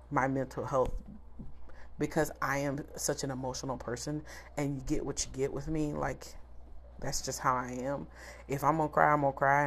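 A woman's voice: low voice, a little hiss or hum. A woman in her thirties from South Florida, hosting a casual solo podcast in a candid, chatty, emphatic way. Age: 30s. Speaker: podcast host.

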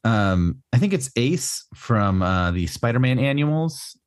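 A man's voice: medium pitch, animated, slow, smooth. A man co-hosting a podcast, rambling casually about comics with plenty of fillers and frequent laughter. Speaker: podcast co-host.

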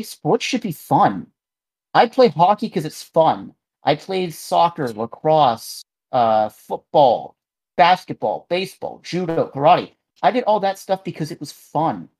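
A man's voice: on the high side, darkish tone. A man co-hosting a podcast in casual chat, rambling earnestly with frequent restarts. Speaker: podcast co-host.

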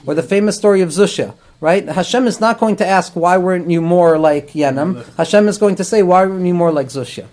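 A man's voice: high-pitched, brisk, hardly any pauses, darkish tone. A man teaching as a rabbi and therapist, earnest and explanatory, weaving Hebrew terms into his talk.

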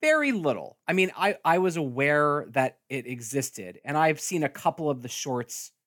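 A middle-aged man, a guest podcaster, chatting casually, lively and prone to rambling. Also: a little high, moderate pace. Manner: lively, laughs easily, rambling. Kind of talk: casual chat.

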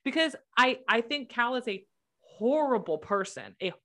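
A woman's voice: a little high, very animated, normal speed, a bit bright. A woman co-hosting a casual podcast chat, blunt and opinionated, swearing freely. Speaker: podcast co-host.

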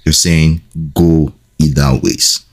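A man co-hosting a casual faith chat, slowly summing up what he heard. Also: extremely low pitch, fairly even intonation, soft background music. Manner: slow, summarizing, affirming. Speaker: co-host.

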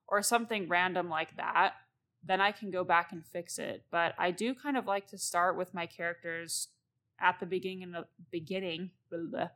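A woman's voice: fairly low pitch, a bit bright. A young woman hosting a casual solo talk on writing, chatty and rambling, laughing as she goes. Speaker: podcast host, novelist.

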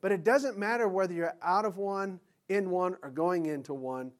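A middle-aged man delivers a sermon in a loose, talky style, often stopping to restart his sentences. His voice sits fairly high for a man. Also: normal speed. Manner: conversational preaching with frequent fillers and restarts. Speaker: pastor.

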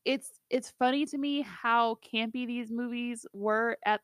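A woman's voice: on the high side, fairly even intonation, measured pace, smooth, dry recording, clean studio sound. A woman co-hosting a podcast in casual chat, talking with lots of fillers and laughing often. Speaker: podcast co-host.

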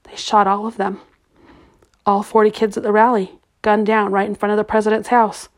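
A woman reading the part of a grieving, bitter middle-aged father who speaks low and guarded. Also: flat delivery, moderate pace, natural voice.

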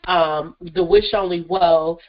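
A woman's voice: fairly low pitch, steady tone, takes it slowly, lo-fi sound. A woman hosting her own radio show, talking enthusiastically and effusively, her voice a bit stuffy and congested from a cold. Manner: enthusiastic, effusive, repeats "listen" and "guys". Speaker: radio show host, therapist and motivational speaker. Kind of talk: upbeat solo radio show monologue.

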